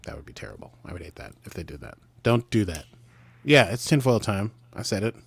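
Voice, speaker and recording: A man with a fairly low voice chats on a podcast, playful and prone to rambling. He drifts into jokey asides and easygoing banter with his co-host. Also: sing-song, fairly quick, gravelly, breathy edge. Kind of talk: casual chat.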